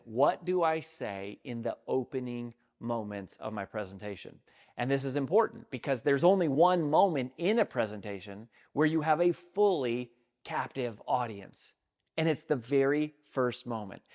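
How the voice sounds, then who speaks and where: A middle-aged man, a speaking coach, giving an energetic, emphatic talk to camera on how to open a speech. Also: medium pitch. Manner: energetic, emphatic, acts out sample openings.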